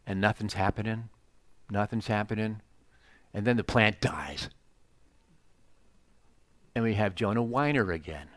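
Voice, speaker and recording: A man's voice: medium pitch, a bit bright, no echo. A man preaching a sermon in a casual, joking storytelling way, full of "you know" asides. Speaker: pastor.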